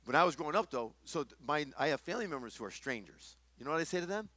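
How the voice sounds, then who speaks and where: A man's voice: a little high, animated, racing, bright, forceful tone, no room sound. Middle-aged man, conversational sermon, frequent restarts, dry close sound. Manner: conversational, restarts often, acts out greetings. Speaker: workshop speaker. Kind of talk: sermon-style teaching.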